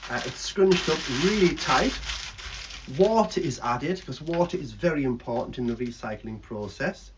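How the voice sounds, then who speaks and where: A man's voice: medium pitch, lively intonation, moderate pace, background noise. A man presenting a recycling show to schoolchildren, playful and teacherly, talking straight to the kids. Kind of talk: children's stage show patter. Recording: dull lo-fi recording.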